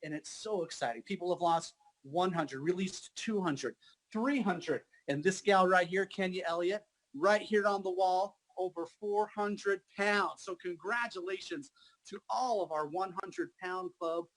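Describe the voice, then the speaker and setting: High-voiced hype male tour guide. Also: rough recording. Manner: energetic, hype, cheerful. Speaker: presenter giving an office tour. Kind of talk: enthusiastic tour presenting.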